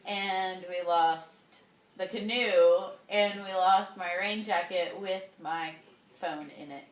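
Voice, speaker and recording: A woman telling a story casually, animated and laughing often, with loud exclamations. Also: medium pitch, slow pace. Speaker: interviewee. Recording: echoey room, from a distance.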